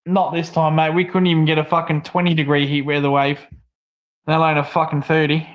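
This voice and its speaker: High-voiced swearing Australian bloke. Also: male voice, little pitch movement, a little fast, dull audio. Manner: swears a lot, rants. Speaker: livestream co-host. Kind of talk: casual stream chat.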